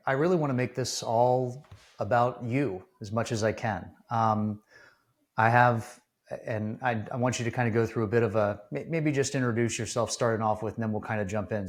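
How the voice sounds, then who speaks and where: Earnest, halting male podcast host. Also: medium pitch. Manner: earnest, halting, with many restarts. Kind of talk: casual interview talk.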